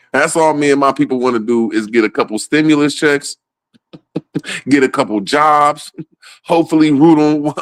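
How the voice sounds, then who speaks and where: A man's voice: fairly high pitch, dry recording. A man in a casual comedic rant, swearing freely and laughing often in the middle of his sentences. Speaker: comedic ranter.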